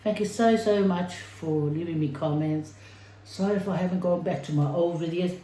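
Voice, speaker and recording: A woman's voice: lowish voice, normal speed, dark tone, slight background noise. Chatty woman vlogger in an echoey room. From Samoa. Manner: chatty, playful, talking while eating. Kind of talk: casual mukbang chat.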